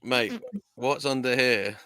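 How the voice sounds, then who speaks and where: A man's voice: medium pitch, takes it slowly, sharp tone, dry recording. A man co-hosting a casual live-stream chat, jokey and teasing. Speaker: co-host. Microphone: video call.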